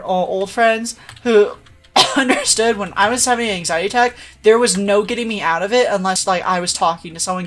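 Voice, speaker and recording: A woman's voice: mid-range voice, fairly bright tone. A woman livestreamer telling a story in casual chat, laughing often and acting out the voices of the people she quotes.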